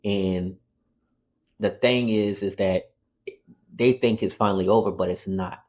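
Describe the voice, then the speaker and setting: A man giving a casual, rambling comic book review, excitable and swearing freely. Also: low voice, unhurried.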